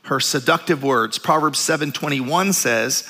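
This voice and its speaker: A middle-aged male pastor, preaching a sermon in an animated, storytelling way with jokes and asides. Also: a little high, moderate pace, few pauses.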